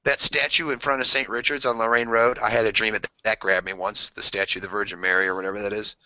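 Bright-voiced man telling wild stories. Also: fairly low pitch, quick pace, no echo. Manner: animated, acts out screams and voices in his stories; swears freely, restarts sentences. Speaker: podcast co-host. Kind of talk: casual storytelling among friends. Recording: dry, dull lo-fi podcast audio.

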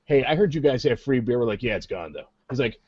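A man with an average-pitched voice tells a hotel party story, chuckling often and repeating "he's like" as he quotes everyone. The sound is muffled and dry, like a cheap mic close by in a small room. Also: expressive, fast, a little mellow, slightly rough, dry recording. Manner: chuckling, keeps quoting others. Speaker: podcast co-host. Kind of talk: casual storytelling chat.

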